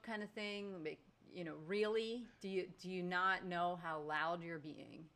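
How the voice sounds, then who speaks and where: A woman co-hosting a podcast, telling a story in casual chat with animated exasperation. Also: fairly low pitch, measured pace, few pauses. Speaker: podcast co-host.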